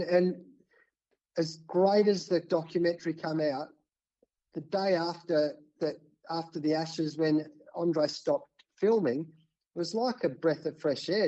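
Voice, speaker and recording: An Australian man in his fifties, a cricket coach telling stories as a podcast guest, animated and often restarting his sentences. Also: fairly high pitch, poor audio. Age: 50s. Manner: animated, restarts often, acts out quoted exchanges. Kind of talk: casual storytelling in an interview.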